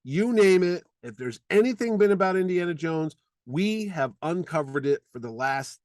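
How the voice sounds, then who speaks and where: A man's voice: high-pitched, lively intonation, normal speed, a little mellow, no echo. Opinionated ranting man, dry close sound. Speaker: podcast co-host. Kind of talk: casual chat.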